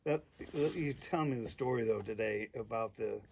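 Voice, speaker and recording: A man's voice: mid-range voice, normal speed, gravelly, a little mellow, a little hiss or hum. A man with an American accent hosting a casual podcast interview, prompting his guest with short remarks. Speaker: podcast host.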